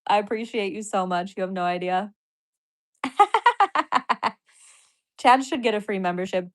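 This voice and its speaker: Woman, casual livestream chat, giddy, gushing thanks, frequent laughter, middle-pitched voice. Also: quick pace. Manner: giddy, apologetic, bursting into laughter often. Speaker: comedian and podcaster livestreaming to viewers.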